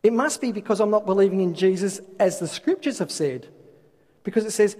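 A man's voice: sits high, lively intonation, fairly quick, darkish tone, husky. A man preaching a sermon, asking rhetorical questions and reading scripture aloud. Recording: long hall reverb.

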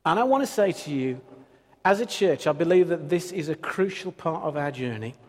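A man's voice: on the high side, animated, moderate pace, in a large hall. A man preaching a sermon as pastor, earnest and building through repeated phrases. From Britain.

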